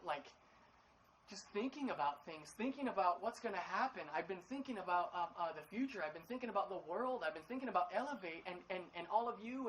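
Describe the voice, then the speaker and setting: A man's voice: high-pitched, slight background noise, poor audio. A man preaching a casual livestream sermon from his living room, chatty and upbeat, with many fillers and restarts, acting out quoted lines in playful voices. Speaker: pastor.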